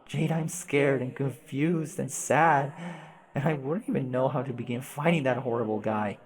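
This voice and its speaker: A man doing a lonely young girl lost in grief, pleading, scared and tearful, voice shaky and upset, read aloud from a comic in a mid-pitched tone. She keeps begging to go back, worn down and fragile. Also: moderate pace, big-room sound, close to an everyday voice. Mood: grieving.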